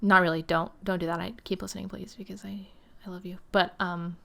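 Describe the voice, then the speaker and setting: Young female gaming host, casual rambling commentary with lots of fillers, lowish and gravelly. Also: flat delivery, a little fast, pushed and bright. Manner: chatty and rambling, with frequent "like" and "um" and some laughter.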